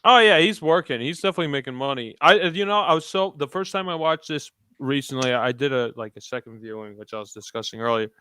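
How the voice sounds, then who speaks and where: A man's voice: medium pitch, quick pace, hardly any pauses, sharp tone, a little hiss or hum. A man on a casual podcast, chatting with stammers and frequent laughter. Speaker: podcast co-host.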